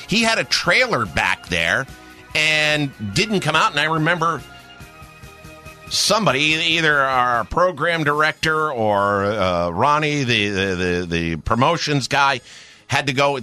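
Bright-voiced radio host man. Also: mid-range voice, expressive, unhurried, soft background music. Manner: chatty, laughs easily, many fillers and restarts. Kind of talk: casual call-in radio chat.

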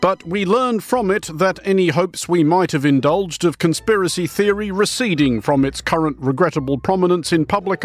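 Man, radio host, dry mock-pompous delivery, slightly high voice, scripted satire.

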